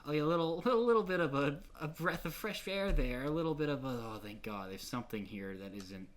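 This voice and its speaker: A man's voice: a little high, lively intonation, fairly quick. A young man co-hosting a podcast, talking casually, rambling, swearing and laughing often. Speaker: podcast co-host. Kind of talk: casual chat.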